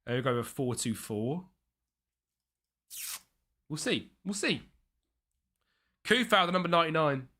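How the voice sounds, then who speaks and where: A young man streaming live, chatting and thinking aloud over a football management game, with excited bursts at chances. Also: on the high side, unhurried, long pauses. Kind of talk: live gameplay commentary.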